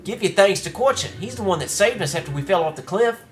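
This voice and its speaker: A man's voice: high voice, expressive, fast talker, a little hiss or hum, pitched above the performer's own voice. A man voicing a brash, cocky young woman thief in a video game, teasing and tough-talking.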